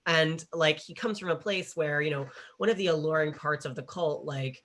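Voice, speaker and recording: Author guest on a panel, bright tone, rambling, lots of fillers, laughs a lot. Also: mid-range voice, moderate pace, few pauses. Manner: rambling, heavy with filler words, laughs often. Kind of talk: casual panel talk.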